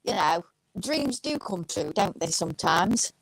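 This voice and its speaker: A woman's voice: lowish voice, sing-song, measured pace, a crowd in the background, poor audio. A middle-aged woman, a guest on a live chat show, answering in a friendly, modest, informal way. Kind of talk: casual interview chat.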